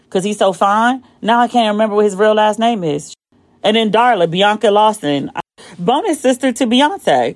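A woman hosting a casual chat show, talking in an animated way, swearing freely and jumping high in pitch when excited, recorded on her phone. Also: no room sound. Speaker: podcast host.

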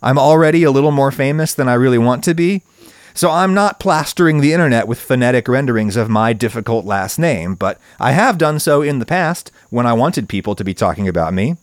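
A man's voice: expressive, fairly quick, no echo, studio quality. Wry, emphatic male commentary host. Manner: wry, emphatic, wide swings in pitch for stress. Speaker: video essay host. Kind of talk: opinionated solo commentary.

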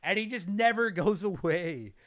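A man co-hosting a podcast in casual chat, animated and profane as he rants. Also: sits high, moderate pace, no echo, studio quality. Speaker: podcast co-host.

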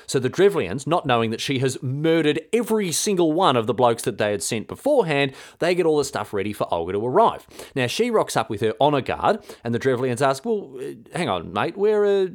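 A man's voice: mid-range voice, big pitch swings, brisk, hardly any pauses. A man telling a history story in a casual, irreverent, slangy way, full of fillers. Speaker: history podcast host.

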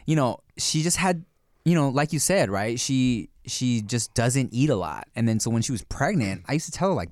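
A man in his thirties talks casually with a co-host, rambling through fillers and swearing freely. His pitch swings widely between lively highs and low mutters, and the sound is dry and close to the mic. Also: normal speed, dry recording. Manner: rambling, profane, lots of fillers and laughter. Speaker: podcast co-host. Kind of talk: casual chat.

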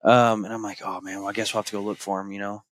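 A man, hosting a podcast and telling a story in a casual way, acting out his young son's excited shouts. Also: lowish voice, fast, dry recording. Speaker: podcast host.

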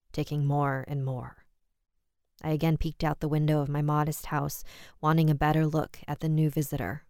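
Low, smooth-voiced woman narrating a horror story. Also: a little mellow, no room sound, studio quality. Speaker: podcast narrator.

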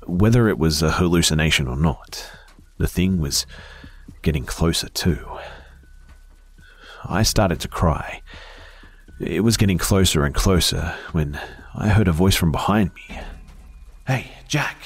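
A man slowly narrating a first-person horror story in a hushed voice that often drops to a whisper. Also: deep voice, breathy edge.

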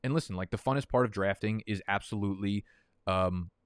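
A lowish, smooth voice belongs to a young man casually chatting on his fantasy football draft livestream, brisk in pace, profane, and prone to tangents. The sound is dry and studio clean.

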